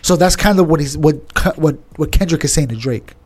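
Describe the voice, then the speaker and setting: A man's voice: fairly high pitch, fairly quick, a little mellow. A man in casual podcast chat, rambling with many restarts and fillers, calling people "bro". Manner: calls listener "bro".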